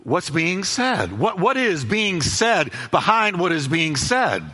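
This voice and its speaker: A man's voice: high voice, very animated, slow pace, bright, forceful tone, in a large hall. A man preaching a sermon as pastor, emphatic, repeating key phrases and acting out both sides of conversations.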